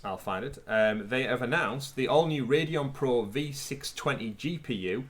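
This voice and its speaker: A man co-hosting a gaming podcast in casual chat, chatty and quick to laugh, trailing off with fillers. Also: medium pitch. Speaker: podcast co-host.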